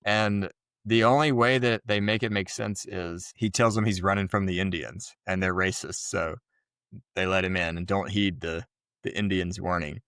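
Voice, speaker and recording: A man's voice: deep voice, normal speed, dry recording, studio quality. A man co-hosting a podcast, chatting casually about a film and swearing freely. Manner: relaxed, swears freely, laughs often. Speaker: podcast co-host. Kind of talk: casual movie review chat.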